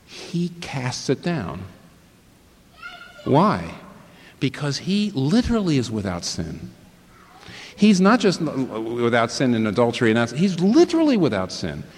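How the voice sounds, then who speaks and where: A pastor preaching a sermon, asking rhetorical questions and building up emphasis. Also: male voice, medium pitch, huge pitch swings, a little slow, long pauses, husky, long reverb tail.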